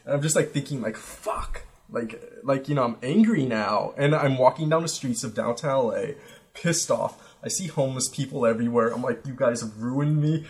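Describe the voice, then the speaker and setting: A young man in an easygoing podcast chat, spinning a rambling, profane story full of "like" and "you know". His pitch sits in the middle range. He slips in quoted voices as he goes. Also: brisk. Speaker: podcast guest.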